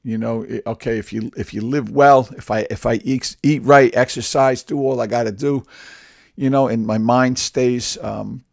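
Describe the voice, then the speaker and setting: A man's voice: medium pitch, fairly even intonation, moderate pace, creaky, no room sound, clean studio sound. A man in his sixties talking through a candid personal monologue, rambling and repeating words, with wry humor. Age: 60s. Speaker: podcast host.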